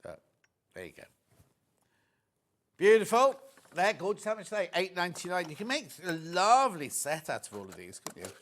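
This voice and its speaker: Chatty man in his sixties, lively pitch. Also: moderate pace, long pauses, a little hiss or hum. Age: 60s. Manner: chatty, anecdotal, animated storyteller. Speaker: shopping channel presenter. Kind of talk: live TV shopping chat. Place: TV studio.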